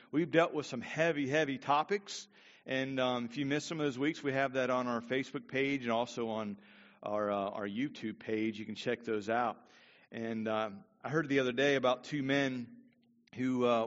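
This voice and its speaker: A man's voice: mid-range voice, lo-fi sound. Male pastor preaching in a resonant hall. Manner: casual and conversational, with fillers. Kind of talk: sermon.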